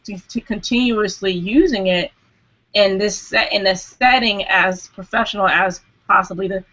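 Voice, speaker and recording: Bright-voiced woman on a dull video call. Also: medium pitch, moderate pace. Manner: earnest, with lots of "you know" and restarts. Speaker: hangout panel guest. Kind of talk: casual group discussion. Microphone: video call microphone.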